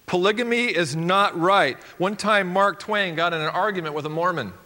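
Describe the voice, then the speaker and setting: A male pastor preaching a sermon, emphatic and swinging from loud declarations to hushed, quiet points. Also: sits high, normal speed.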